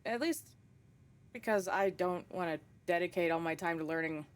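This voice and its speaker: A woman's voice: on the low side, normal speed. A young woman streaming a horror game, chatting casually with viewers, laughing often and swearing freely. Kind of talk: casual live-stream chat.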